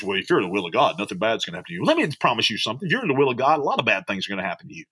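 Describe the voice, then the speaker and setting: Male pastor, excitable podcast preacher, husky voice, dry close mic. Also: fairly low pitch, racing, few pauses, no echo. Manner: animated, repetitive, preacherly. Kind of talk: podcast sermon.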